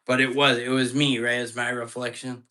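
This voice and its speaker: A man's voice: mid-range voice, flat delivery, brisk, bright, forceful tone. Jumpy man chatting on a night livestream. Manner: chatty, jumpy, talks straight to his chat. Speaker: live-stream ghost hunter host. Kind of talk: casual live-stream chat. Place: apartment indoors at night.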